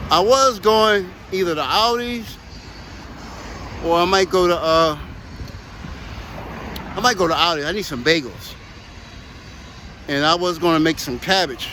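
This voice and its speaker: A man's voice: fairly high pitch, pushed and bright, a little hiss or hum. A man chatting casually outdoors while out on a walk, rambling and emphatic and often repeating himself. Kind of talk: casual chat while walking.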